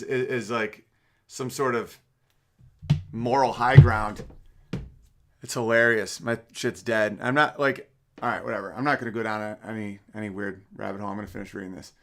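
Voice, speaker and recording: A man hosting a casual livestream, reading listener messages aloud with rambling, profane asides that swing from mumbles to loud bursts. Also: medium pitch, steady tone, normal speed, pauses often.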